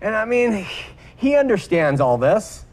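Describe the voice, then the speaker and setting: A man preaches a sermon in a voice that sits a little high for a man. He is emphatic, often repeating a word several times for stress. He slows right down on the points he wants to land. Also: sing-song, a little mellow.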